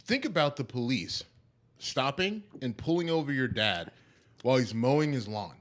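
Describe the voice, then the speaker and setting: A man's voice: medium pitch, animated, normal speed, fairly bright tone. A man co-hosting a podcast, arguing his point emphatically in casual chat and checking in with "right?". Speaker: podcast co-host.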